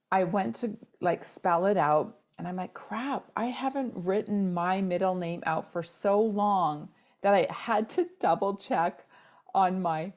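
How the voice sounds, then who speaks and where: A woman's voice: lowish voice, mellow, highs cut off. A middle-aged woman hosting a solo podcast, telling a personal story in a candid, casual way with plenty of fillers. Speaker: podcast host.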